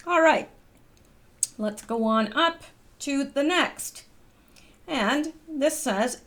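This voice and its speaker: A middle-aged woman from the United States hosting her own channel, reading posts aloud and chatting in a rambling way with lots of ums. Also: mid-range voice. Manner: chatty, rambling, wanders off topic with filler ums. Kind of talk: casual commentary vlog.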